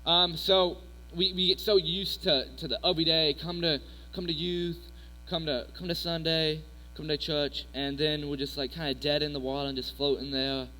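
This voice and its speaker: Bright-voiced young man giving a youth talk. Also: fairly high pitch, fairly even intonation, moderate pace. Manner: casual, rambling, filler-heavy. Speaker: youth speaker. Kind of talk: youth sermon with personal stories. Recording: echoey hall with mains hum.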